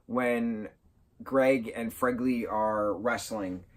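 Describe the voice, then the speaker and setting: A man reviewing a film in a casual vlog, retelling scenes excitedly with bursts of giggling and sudden jumps in pitch and volume. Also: extremely slow. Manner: giggles through his retelling.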